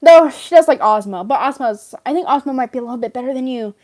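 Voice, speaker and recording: A woman's voice: high-pitched, lively intonation, quick pace, a little mellow. A woman rambling through an in-character story, filling her talk with "like" and laughing often. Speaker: fan role-player in character.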